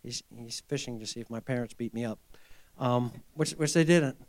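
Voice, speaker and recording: A middle-aged male pastor delivers a sermon in a mid-range voice at a moderate pace. He tells a story, then builds to fervent exhortation, shifting from hushed tones to loud emphasis.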